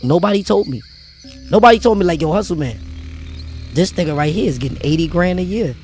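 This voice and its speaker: A man with a slightly raised pitch preaches straight at his viewers in an emphatic, slangy rant. He hammers his points home by repeating phrases. Soft music runs faintly underneath. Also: expressive, brisk. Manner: emphatic, repetitive, street slang. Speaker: vlogger.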